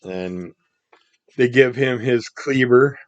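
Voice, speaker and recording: A man reviewing comic books in a casual, rambling monologue, his voice scratchy from the morning and his throat needing clearing. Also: mid-range voice, takes it slowly, dry recording, dull audio. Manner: rambling, relaxed, trails off mid-sentence.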